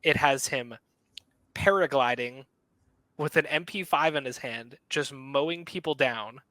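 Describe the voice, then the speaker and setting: A young man co-hosting a podcast, chatting casually about movies, excitable and swearing freely as he retells scenes. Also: mid-range voice, measured pace, crowd noise, poor audio. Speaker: podcast co-host. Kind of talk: casual film chat.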